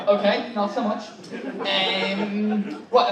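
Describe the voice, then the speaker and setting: A man's voice: high-pitched, slow pace, very noisy. An Irish man doing a stand-up comedy set at a conference, making wry asides and interrupting himself mid-sentence. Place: conference hall with a live audience. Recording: echoey hall, mic at a distance.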